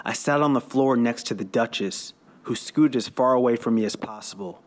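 A man's voice: medium pitch, moderate pace. Author narrating his own story, dry and wry. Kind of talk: reading his own fiction aloud.

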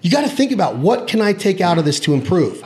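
Male podcast host, a bit high-voiced, emphatic and salty, casual hunting talk. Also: big pitch swings, fast talker, darkish tone. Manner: emphatic, swears freely, ribbing.

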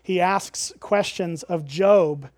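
A man with a high, light voice walks his listeners through a Bible passage in a relaxed teaching tone. He keeps raising rhetorical questions and checking in with them. The sound is close and dry, with no room echo. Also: slow pace.

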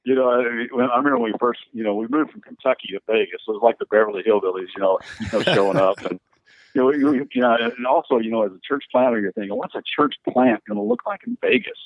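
A man's voice: lowish voice, fast, dry recording. A man, a pastor and church planter, telling stories in a rambling, filler-heavy way during an interview. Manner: rambling, many fillers and restarts, lively storyteller. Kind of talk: animated storytelling in a podcast interview. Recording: dry, tinny phone-like line.

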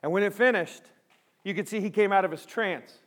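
A man with a slightly high voice delivers a storytelling sermon to a live audience of students. He acts out the people in his story with lively energy, then settles into a quiet, earnest tone to drive his point home. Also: brisk. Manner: drops to a quiet, earnest tone at the close.

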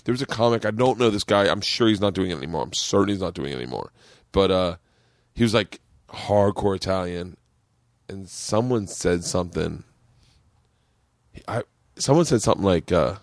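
A middle-aged man hosting a casual comedy podcast, telling profane stories and jumping into high squeaky voices when he quotes people. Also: lively intonation, moderate pace, long pauses, dry recording, studio quality. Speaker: podcast host.

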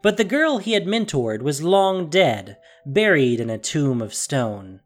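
A narrator reading a fantasy story aloud in an expressive, dramatic storytelling manner. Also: mid-range voice, a little slow, faint music behind. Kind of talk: scripted audiobook narration.

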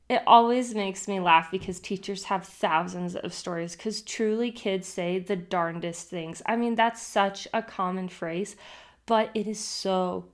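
A woman who teaches, hosting an educational podcast in an upbeat, chatty way and laughing easily as she tells stories. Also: medium pitch.

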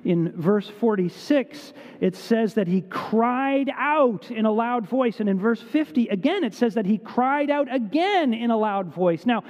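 High-voiced male preacher in an echoey hall. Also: animated, measured pace, hardly any pauses, darkish tone. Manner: vivid storytelling with repeated words for emphasis. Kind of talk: sermon. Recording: dull echoey hall recording.

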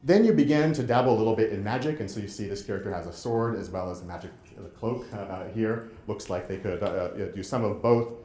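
Male lecturer, low voice, halting with lots of restarts, roomy echoey sound. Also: dark tone. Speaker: presenter. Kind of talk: lecture with interactive game demo.

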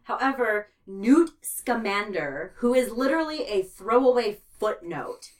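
A woman co-hosting a casual movie podcast, animated and laughing often as she mimics characters. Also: fairly high pitch, unhurried. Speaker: podcast co-host.

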